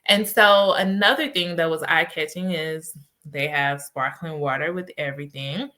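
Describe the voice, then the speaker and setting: Casting: woman host, lowish pitch but bright tone, chatty storyteller. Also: normal speed. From United States. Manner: animated storytelling with laughs. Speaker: podcast host and life coach. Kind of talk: casual solo podcast talk.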